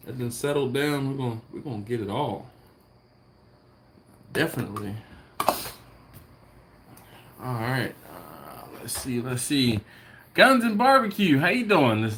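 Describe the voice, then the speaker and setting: A man's voice: medium pitch, fairly bright tone, a little hiss or hum. A man hosting a casual live stream from home, greeting viewers by name and chuckling as he reads their comments. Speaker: barbecue livestream host.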